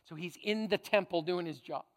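Male pastor, high voice, chatty preaching style with lots of "right?" check-ins, long hall reverb. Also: normal speed. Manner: conversational, frequent tag questions, playful asides. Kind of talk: sermon.

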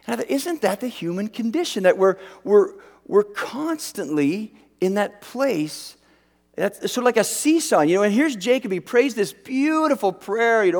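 A middle-aged man delivers a sermon, his voice pitched high for a man and swinging widely as he acts out the people in his stories. He restarts his sentences often, in a casual storytelling way. The sound carries a long reverb, as if from a large hall. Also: normal speed. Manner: animated storyteller, acts out quotes, frequent restarts. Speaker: pastor.

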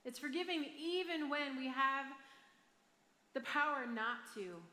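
A woman pastor with a Michigan accent delivers her sermon in a chatty, self-deprecating storytelling manner. Her voice is bright and sits a little high. It rings through a large hall with a long, roomy reverb. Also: expressive, measured pace.

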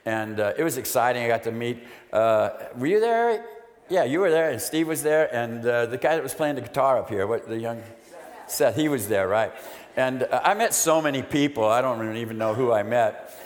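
A middle-aged man speaking as a recovery pastor, excited and emotional. He tells his story with energy and pitch in the middle range. His voice rings with the long reverb of a church hall. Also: fairly quick. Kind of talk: church testimony talk.

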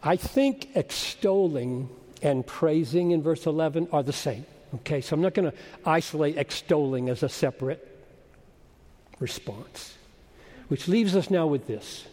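A man preaching a sermon, emphatic and swelling to loud exclamations. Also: a little high, a little slow. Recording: long hall reverb.

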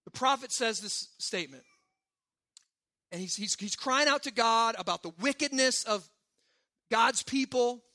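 A pastor delivering a sermon in a high, strikingly bright voice. He preaches conversationally and with emphasis, tossing quick asides to his listeners.

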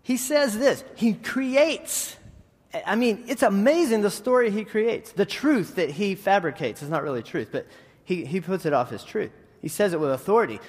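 Animated preacher man in a reverberant hall. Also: high voice, normal speed. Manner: conversational, animated preaching with many restarts and asides. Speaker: preacher and middle school teacher. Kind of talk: sermon.

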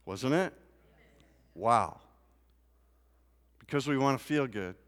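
A man preaching a sermon in a church, moving from quiet scripture reading to loud, rising emphasis. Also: mid-range voice, animated, slow. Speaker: pastor. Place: church sanctuary. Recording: long church reverb.

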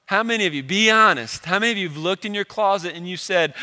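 Young male pastor, high, bright voice, casual joking sermon delivery, echoing church hall. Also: expressive, fast. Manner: casual, joking, conversational preaching.

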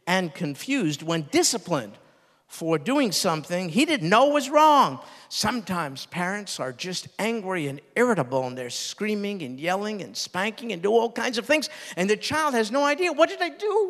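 An older male pastor preaches a sermon in an earnest voice that sits a little high. He drops low and soft when he quotes tender words, and his voice carries a long reverb. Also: sing-song, normal speed.

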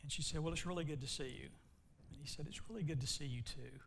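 A man's voice: a little high, fast talker, creaky, slight background noise. A man preaching a sermon, telling a long joke in a folksy way and then reading scripture aloud. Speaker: pastor.

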